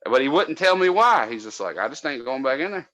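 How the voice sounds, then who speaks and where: A man from North Georgia, a podcast co-host telling a casual, profane story from his days as a cable tech, loudly acting out what people said. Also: medium pitch, brisk, dry recording, low-quality recording. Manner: profane, animated, acts out quotes loudly.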